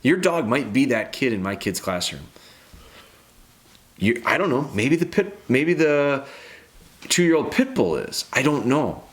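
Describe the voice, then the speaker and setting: A man's voice: medium pitch, big pitch swings, a little slow, long pauses. A man in his thirties hosting a dog-training podcast, ranting bluntly and emphatically, with restarts.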